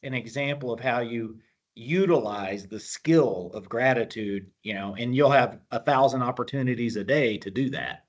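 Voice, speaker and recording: A man's voice: medium pitch, normal speed, lo-fi sound. A man speaking as a guest, explaining mental skills in a plainspoken way with military terms. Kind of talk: motivational talk on a call.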